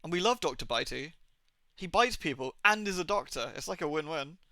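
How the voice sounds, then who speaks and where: A young man streaming a game, chatting casually to his viewers, rambling and joking, swearing freely and slipping into quick silly impressions. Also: a little high, expressive, pushed and bright, no room sound. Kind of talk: casual live-stream chat.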